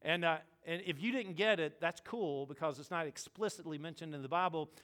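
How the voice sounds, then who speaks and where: A middle-aged pastor delivers a sermon like a personal story. His voice sits a little high for a man, and he moves from loud bursts down to quiet, hushed lines. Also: a little fast.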